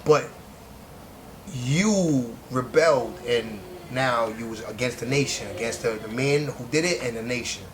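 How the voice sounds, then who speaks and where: A man with a New York accent giving casual spoken commentary, halting often with restarts and fillers. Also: mid-range voice, background noise. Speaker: commentary host.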